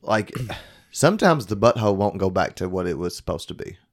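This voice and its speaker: A man's voice: low-pitched, sing-song, brisk. A man co-hosting a podcast, crude and joking in casual banter. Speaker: podcast co-host.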